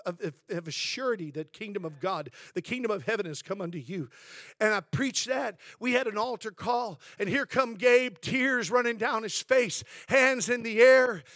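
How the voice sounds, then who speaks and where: A high-pitched man preaching with a bright, forceful edge. He tells stories and keeps dropping in amens and praise interjections, climbing to shouts at the peaks. The sound is dry and close. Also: no room sound. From Southern California. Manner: storytelling preacher, rising to shouts. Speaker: pastor. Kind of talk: sermon.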